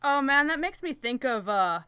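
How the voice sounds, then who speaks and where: A woman's voice: high-pitched, expressive, normal speed, pushed and bright, no room sound. A young woman in casual chat, telling anecdotes and laughing often. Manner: chatty, storytelling, laughs often.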